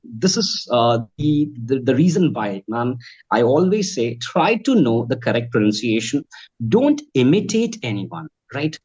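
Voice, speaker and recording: A man's voice: medium pitch, very animated, measured pace, darkish tone, slightly rough, lo-fi sound. A man with a Bhojpuri mother tongue, a trainer answering interview questions earnestly, politely adding "ma'am" as he gives advice. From India. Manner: earnest, advising, keeps saying ma'am and right. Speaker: accent trainer and guest.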